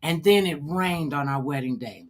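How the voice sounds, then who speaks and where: An older woman hosting a talk show, telling a long story in a casual, animated way and acting out the quotes. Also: low-pitched, moderate pace.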